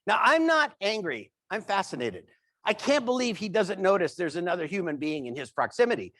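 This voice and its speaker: Humorist keynote speaker, man, high-pitched, playful storytelling, dry close mic. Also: brisk, dry recording. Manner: animated, playful comic delivery.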